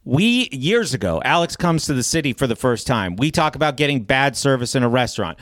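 A man's voice: mid-range voice, very animated, brisk, fairly bright tone, no echo, studio quality. A man co-hosting a casual podcast, reflecting on how things work and laughing often. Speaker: podcast co-host. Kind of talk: casual chat.

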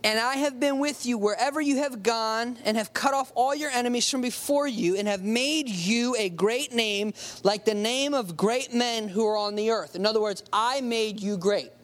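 A preacher reading scripture aloud and explaining it in a casual, conversational way, slowing down to stress key words. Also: mid-range voice. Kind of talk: sermon with Bible reading.

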